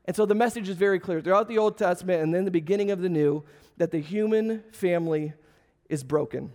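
A man's voice: high-pitched, fast, darkish tone, in a large hall. A young adult man, a pastor losing his voice, preaching a sermon at a church service in a casual, joking, conversational way.

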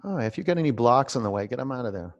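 A man guiding a yoga class at home, talking in a relaxed, conversational way and drawing out his cues. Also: medium pitch, rapid-fire, big-room sound, lo-fi sound. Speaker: yoga teacher. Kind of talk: guided yoga class instruction.

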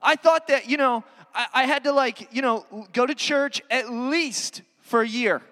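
Very high-voiced preacher in a reverberant hall. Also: male voice, a little slow, pushed and bright. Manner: conversational, earnest, many "you know" fillers. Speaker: pastor. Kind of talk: sermon.

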